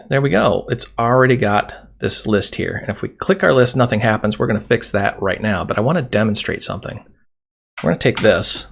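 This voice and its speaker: Male coding instructor, low gravelly voice, casual screen-recorded tutorial, keyboard typing in background. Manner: casual, chatty, jokes while typing code. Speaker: programming instructor.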